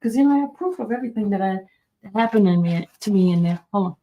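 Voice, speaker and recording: A woman's voice: mid-range voice, lively intonation, fast, lo-fi sound. A woman host telling viewers a personal story in a chatty, rambling way, with many fillers and restarts. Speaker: YouTube host.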